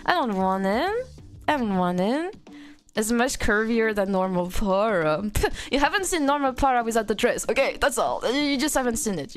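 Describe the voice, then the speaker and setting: A woman from France with a French accent, chatting playfully with her live-stream audience and answering chat. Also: fairly high pitch.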